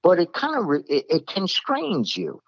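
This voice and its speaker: A plain-spoken preacher man from New York gives a Bible-teaching sermon, blunt and emphatic. His pitch swings up and down with a lot of life. The recording is dry and sounds dull and lo-fi. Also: wildly swooping pitch, moderate pace, husky, no room sound.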